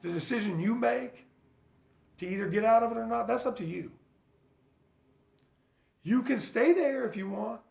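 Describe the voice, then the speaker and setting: A man's voice: very high voice, vocal fry, a little mellow, roomy sound. A father talking earnestly and bluntly about his struggles, swearing freely and stopping often to restart his thoughts. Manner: halting, full of fillers and restarts. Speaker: father sharing his recovery story. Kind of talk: casual personal vlog monologue.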